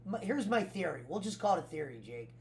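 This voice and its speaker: Excitable chatty man, laughing often. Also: high voice, fast talker, creaky. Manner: animated, laughing, swearing, repeats himself. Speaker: podcast host. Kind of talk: casual chat.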